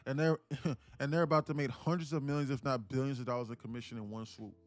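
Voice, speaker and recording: A man's voice: mid-range voice, steady tone, fast talker, no echo, soft background music. A man with a New York accent hosting a day-trading livestream, talking casually in loose, profane street slang and repeating phrases in chant-like runs. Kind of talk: casual live-stream commentary.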